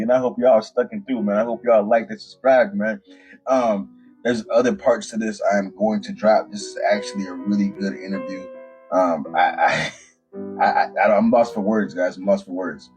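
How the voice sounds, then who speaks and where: A man hosting a reaction channel, talking casually to viewers in halting short bursts. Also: lowish voice, faint music behind, low-quality recording.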